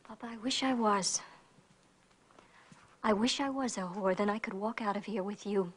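An actress playing a gangster's wife, talking earnestly and pleadingly in a 1970s crime film. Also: female voice, medium pitch, normal speed, slightly rough, natural voice.

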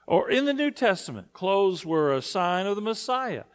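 A man's voice: high-pitched, very animated, moderate pace, few pauses, clean tone. A male pastor preaching a conversational sermon to his congregation, often asking them questions. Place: church sanctuary.

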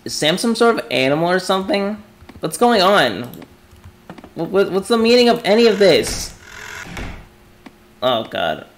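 A man commentating a horror game he is playing, jumpy and excitable, yelping and screaming at scares, his throat dry from yelling. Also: high-pitched, measured pace, long pauses, slight background noise. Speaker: gaming YouTuber. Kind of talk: horror let's play commentary.

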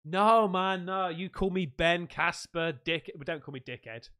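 A man's voice: high voice, a little slow, fairly bright tone, smooth. A man hosting a casual chat, joking and laughing easily. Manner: jokey, laughing, calls everyone mate. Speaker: host.

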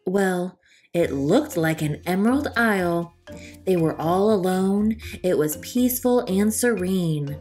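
A woman's voice: on the low side, a little mellow. Woman reading a children's storybook aloud. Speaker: storytime reader.

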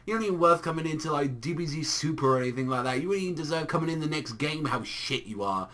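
A man's voice: a little high, animated, fast, fairly bright tone. A young man reviewing an anime episode in a casual, exasperated rant full of swearing.

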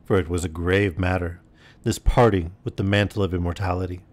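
A man reading a classic story aloud as a bedtime storyteller, steady and expressive. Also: low voice, a little fast.

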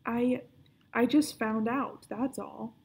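A sharp-witted young girl in a storybook, whispering high and indignant and quick to protest, as a woman reads her. The tone is dark and gravelly. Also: steady tone, exaggerated voice. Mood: flustered.

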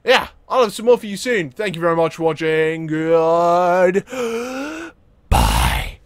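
A young man giving excitable gameplay commentary, often yelling and laughing. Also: sits high, measured pace, dry recording. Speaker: gaming video host.

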